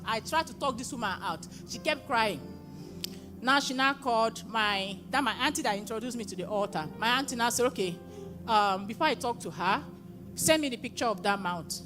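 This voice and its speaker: High-pitched young woman, emotional church testimony, bursts of excitement, music underneath. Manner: emotional, often rising to excited exclamations. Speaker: testifier at a prayer conference. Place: live church gathering. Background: music playing.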